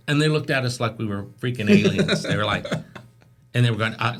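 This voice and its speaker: A man guest on a podcast, telling stories in a chatty, animated way and acting out the voices of the people in them. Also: medium pitch, fairly quick. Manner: chatty, animated storyteller who acts out voices in anecdotes. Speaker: interview guest. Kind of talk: casual storytelling.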